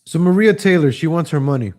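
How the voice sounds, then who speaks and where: Speaking at a quick pace with lively intonation and a slightly high voice, a man hosts a livestream of casual opinion commentary. He rambles, chuckles a lot, and calls his audience ladies and gentlemen.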